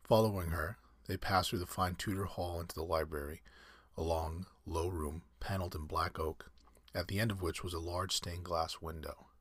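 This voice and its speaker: A man reading a classic story aloud in measured, scripted narration. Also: deep voice, steady tone, fairly bright tone, no room sound, clean studio sound.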